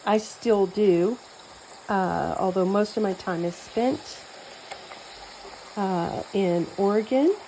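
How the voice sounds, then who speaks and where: A woman with a dark, mid-range voice speaks slowly and pauses often, chatting casually as she cooks for her vlog. Born in New Mexico and raised mostly in Texas, she has a Southern US accent and rambles with lots of fillers and restarts. The rough recording has a little hiss or hum.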